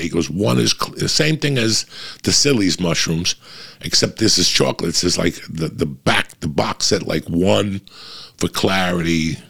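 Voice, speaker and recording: A man's voice: low-pitched, lively intonation, moderate pace, vocal fry, fairly bright tone, breathy edge. A man hosting his podcast, telling a rambling story in casual chat and swearing constantly. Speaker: podcast host.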